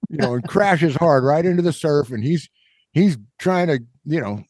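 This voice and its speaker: A man's voice: fairly high pitch, animated, moderate pace, darkish tone, dry recording, clean studio sound. A middle-aged man hosting a podcast and telling a rambling story, full of fillers and acting out the people in it. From Kansas, US. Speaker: podcast host. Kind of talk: casual storytelling.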